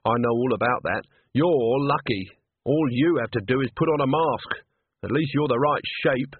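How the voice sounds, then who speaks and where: Guy voicing a straight-talking young woman, a bit higher than his own voice, husky and tinny. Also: moderate pace, no echo, natural voice. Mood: earnest. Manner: forthright and earnest. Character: blunt, sensible young woman singer. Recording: dry, tinny phone-like sound.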